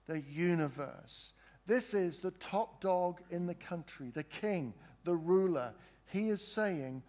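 A male pastor delivering a sermon in a slightly raised voice. He speaks slowly and earnestly, leaning on pauses and asking his listeners questions. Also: a little high, darkish tone. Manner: earnest, with slow emphatic pauses and questions to the congregation.

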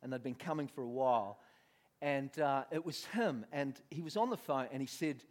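A man's voice: mid-range voice, moderate pace. A man preaching a sermon, telling a story with lots of laughter and acted-out voices.

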